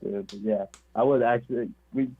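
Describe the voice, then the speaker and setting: A man's voice: mid-range voice, steady tone, normal speed, husky. A young man from Mexico calling in on the phone, eager, laughing often and modest. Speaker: caller. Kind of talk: phone call-in chat. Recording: tinny phone line.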